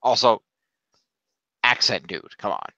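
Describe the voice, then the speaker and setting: A man's voice: on the low side, slow, no echo. Male co-host, blow-by-blow recapper, filler-heavy, dull dry mic. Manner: steady recapping with frequent "uh" fillers. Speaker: podcast co-host. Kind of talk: play-by-play match recap.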